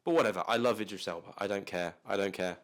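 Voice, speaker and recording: A man's voice: on the low side, quick pace. A man reviewing a movie in a casual, rambling way, full of restarts, fillers and jokey asides.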